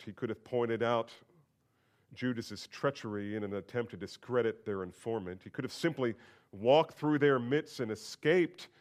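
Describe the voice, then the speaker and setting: Man, pastor, sermon, mid-pitched voice, drops to hushed asides, builds to emphatic peaks. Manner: shifts between quiet asides and rising emphatic declarations. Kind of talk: expository sermon.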